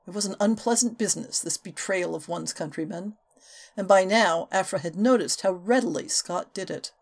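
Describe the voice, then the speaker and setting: Expressive woman narrating a novel. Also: on the low side, moderate pace. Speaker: audiobook narrator. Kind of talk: scripted narration.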